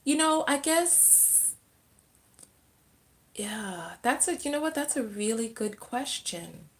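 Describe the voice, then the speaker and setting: A woman's voice: fairly high pitch, big pitch swings, takes it slowly. A woman who coaches on self-love and relationships, hosting a casual livestream Q&A. She reads viewer comments and answers on the fly, often trailing off and restarting mid-sentence.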